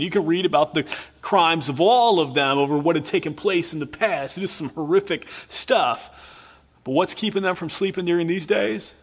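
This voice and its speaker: A man's voice: a little high, a bit bright, long reverb tail. A man preacher in earnest, dramatic storytelling mode, retelling a scripture scene with emphatic repetition.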